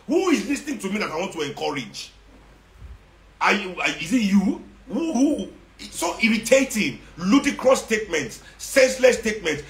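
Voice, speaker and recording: A high-voiced Nigerian man rants with sarcasm and rising indignation, slipping into Pidgin as he goes. His voice rings around an echoey room. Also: a bit bright. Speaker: social media commentator. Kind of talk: impassioned monologue.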